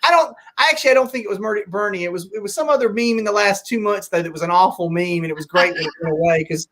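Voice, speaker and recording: A man hosting a podcast in casual chat, rambling with halting restarts and chuckles. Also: sits high, fairly bright tone. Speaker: podcast host.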